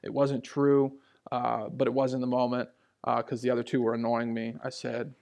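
A man in his thirties preaching a sermon in a church, telling personal stories in a conversational way, dropping to hushed asides and rising for emphasis. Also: mid-range voice, level tone, normal speed, creaky. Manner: conversational, storytelling, swings between hushed asides and raised emphasis. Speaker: pastor. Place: church sanctuary. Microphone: handheld or stage mic.

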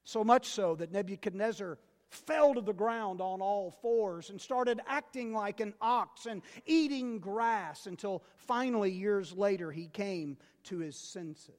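A male pastor preaching a sermon, emphatic and repeating key words, swinging between loud and quiet. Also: high-pitched, unhurried, few pauses, long reverb tail.

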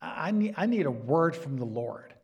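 A man preaching a sermon to a congregation in an earnest way, at times dropping to a soft near-whisper for emphasis. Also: a little high, sing-song, moderate pace, husky. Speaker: pastor.

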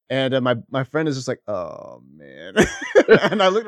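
A man co-hosting a podcast, telling stories in a casual, animated, profane way. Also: medium pitch, normal speed, dry recording. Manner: profane, animated storytelling with laughs. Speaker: podcast co-host. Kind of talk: casual chat, storytelling.

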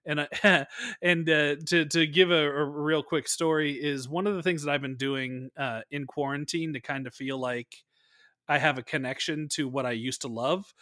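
A man co-hosting a podcast, talking films casually, rambling and animated, swearing freely. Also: fairly high pitch, normal speed, no echo, studio quality. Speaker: podcast co-host. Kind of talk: casual film discussion.

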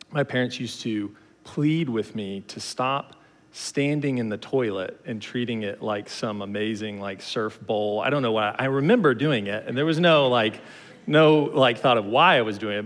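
Male pastor, 30s, mid-pitched, relaxed sermon delivery with fillers, recorded in a reverberant hall. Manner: casual, conversational storytelling with frequent fillers.

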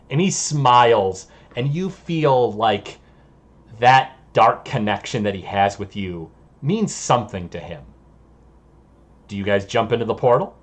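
A husky man narrates a tabletop adventure as game master. He talks slowly and deliberately, with an animated pitch that rises and falls, pausing to find his words. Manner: slow, deliberate, searching for words.

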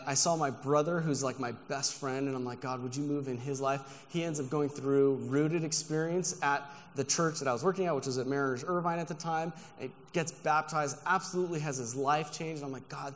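Brief: male preacher, slightly higher voice, emphatic and earnest, long church-hall reverb. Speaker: guest pastor. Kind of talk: sermon. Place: church sanctuary.

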